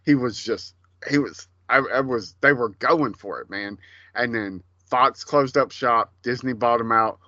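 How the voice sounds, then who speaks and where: A man co-hosting a podcast, chatting casually and profanely about a movie, rambling and animated. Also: on the low side, no echo, muffled recording. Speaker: podcast co-host.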